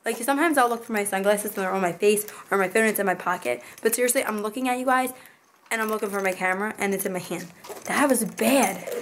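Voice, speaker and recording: A young woman with a hoarse, fading voice, chatting to a handheld camera at home as a family vlogger. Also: mid-range voice, fast talker, slight background noise. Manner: chatty and rambling, with many asides. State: hoarse, losing her voice. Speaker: family vlogger, mother of a baby. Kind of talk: casual vlog chat to camera.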